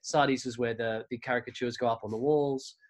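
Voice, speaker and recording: Fairly quick and fairly even in intonation, his mid-range voice carries an Australian accent. He's an Australian podcast creator on as a guest, spinning meandering stories in a casual interview and frequently starting over.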